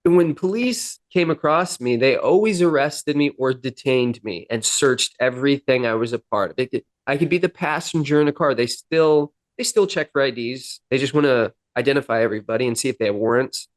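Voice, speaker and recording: A young man, a podcast guest, telling his own story candidly, with halting restarts. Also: mid-range voice, no room sound. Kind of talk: personal storytelling.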